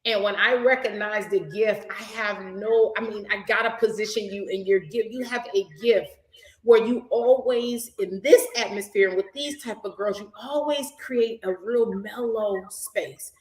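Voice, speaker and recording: A woman hosting a casual talk for a nonprofit program, animated and effusive, praising and preaching with a lilt. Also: medium pitch, a little slow, roomy sound, poor audio. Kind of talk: casual chat.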